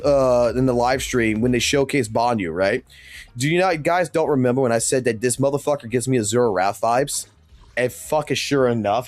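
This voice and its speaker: A man streaming games, talking in an excited, rambling way with constant swearing. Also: medium pitch. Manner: profane, animated, rambling. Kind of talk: excited gaming stream talk.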